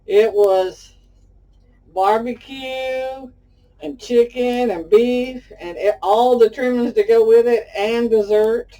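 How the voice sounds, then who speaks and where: A middle-aged Southern woman from Texas hosts a homey cooking demo, calling her viewers "y'all" and drifting into chatty stories. Her voice is mellow and warm. It sits at a slight distance from the microphone. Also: fairly high pitch, steady tone, slow pace. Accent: Texan Southern. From Pasadena, Texas. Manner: folksy and talkative, addresses viewers as y'all. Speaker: cooking show host.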